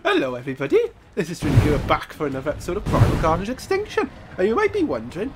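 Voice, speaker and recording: A man's voice: a little high, huge pitch swings, very fast, hardly any pauses, very noisy. Guy with a cold, all congested and nasal, chatting over his game, voice jumps up and down a lot. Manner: chatty, exclaims at game mishaps. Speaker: gaming YouTuber. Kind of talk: gameplay commentary.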